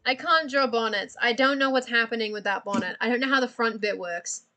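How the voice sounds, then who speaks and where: Bright-voiced woman rambling while drawing. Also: a little high. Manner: rambling, swearing, quick laughs. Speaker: art streamer. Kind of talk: casual livestream chat while drawing.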